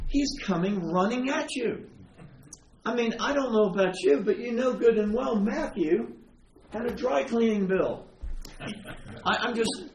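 A man preaching a sermon in a conversational, animated way, retelling stories and asking his listeners questions. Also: high-pitched. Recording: echoey room with faint ambient noise.

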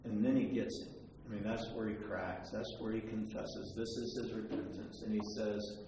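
A man preaching a sermon, telling a story with lively energy and acting out the quotes in different voices. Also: on the low side, normal speed, noisy background. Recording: echoey hall from far off.

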